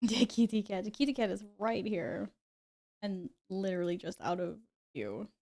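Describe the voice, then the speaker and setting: A woman streamer chatting casually with her viewers, chatty and quick to apologize and giggle. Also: mid-range voice, animated, warm tone. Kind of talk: casual live-stream chat.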